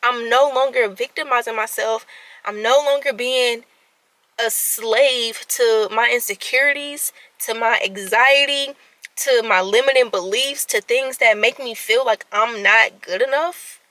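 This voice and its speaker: Woman, twenties, candid venting vlog, anxious, stammering restarts, animated self-talk, dry close sound. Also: on the high side, a little slow, no echo. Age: 20s. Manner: animated, self-talking, swings between quiet and loud; stutters and restarts when anxious. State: anxious and nervous. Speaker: vlogger.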